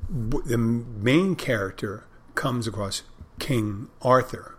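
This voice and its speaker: A man's voice: mid-range voice, takes it slowly, a bit bright, breathy edge. A man hosting a show, talking to his listeners in a casual, meandering monologue that often stops to correct itself and lose its thread. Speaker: podcast host.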